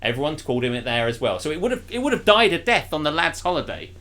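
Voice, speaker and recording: A man's voice: a little high, sing-song, fast talker, sharp tone. A man co-hosting a casual live stream, telling rambling stories and laughing often. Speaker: co-host.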